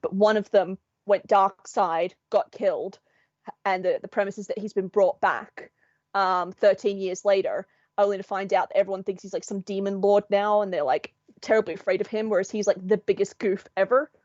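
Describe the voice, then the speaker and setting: Animated, sweary woman podcaster. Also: medium pitch, moderate pace, no room sound. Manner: animated, sweary, laughing storytelling. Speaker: podcast co-host. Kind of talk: casual chat. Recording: dull, dry sound.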